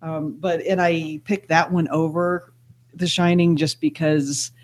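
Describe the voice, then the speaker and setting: Husky, fairly high-voiced man laughing along. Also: little pitch movement. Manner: laughs often, quick jokey asides. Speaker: podcast co-host. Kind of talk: casual chat.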